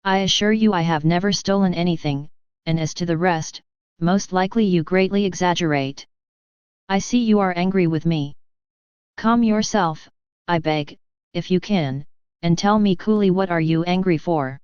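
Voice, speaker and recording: Woman reading mild male doctor, gentle, calm, reasoning, clear low voice, dry audio. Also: normal speed, no echo, close to an everyday voice. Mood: soothing. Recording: dull dry studio audio.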